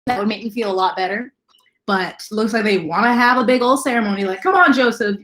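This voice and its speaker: A woman hosting a casual livestream, talking fast and chatting with viewers as she greets them. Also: mid-range voice, fairly bright tone. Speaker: livestream host.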